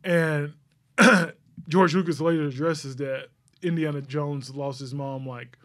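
A man's voice: fairly high pitch, steady tone, takes it slowly, fairly bright tone. A man co-hosting a podcast, chatting casually about a movie and agreeing often with his partner. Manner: agreeable, frequent backchannel "right". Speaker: podcast co-host.

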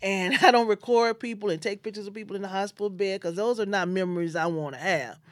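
A woman's voice: medium pitch, fast talker, no echo, studio quality. A woman hosting her own show, telling a personal family story in an earnest, heartfelt way. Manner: heartfelt, earnest, quotes others with feeling. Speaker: host.

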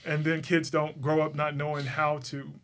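A man's voice: on the high side, level tone, moderate pace, fairly bright tone. A middle-aged man hosting a casual interview, talking earnestly and emotionally with many restarts. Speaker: host.

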